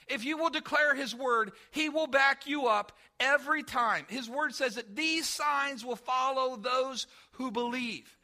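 A man preaching a sermon at a church service, with slow, drawn-out stresses and playful asides to the congregation. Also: very high voice, pushed and bright. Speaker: pastor.

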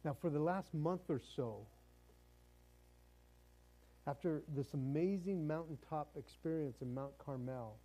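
A man's voice: fairly high pitch, unhurried, long pauses, mellow, low-quality recording. A male pastor giving a conversational sermon who often repeats words and chuckles as he talks.

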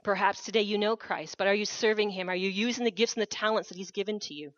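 A woman's voice: mid-range voice, quick pace, dry recording, highs cut off. Earnest woman preaching a missionary sermon. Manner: earnest, urgent appeal with repeated phrases. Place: church hall.

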